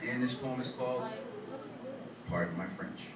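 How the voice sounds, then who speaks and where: A man's voice: mid-range voice, normal speed. A man performing a spoken word poem to a live audience, with a rhythmic, rhymed delivery and punchy emphasis. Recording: echoey room, distant mic, background noise.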